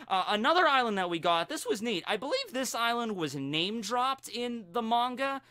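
A man hosting a casual fan commentary channel, talking in an energetic, rambling way with many restarts. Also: very high-pitched, moderate pace. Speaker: YouTube host.

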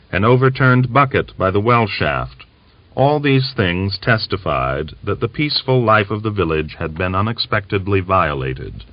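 Give me a male audiobook narrator with a very low voice, dry close sound. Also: no echo, lo-fi sound. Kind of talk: scripted narration.

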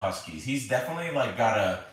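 A man co-hosting a pet vlog, telling stories about his husky in a casual, playful way. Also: medium pitch, expressive, fast. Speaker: pet channel co-host. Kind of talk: casual chat to viewers. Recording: very echoey room.

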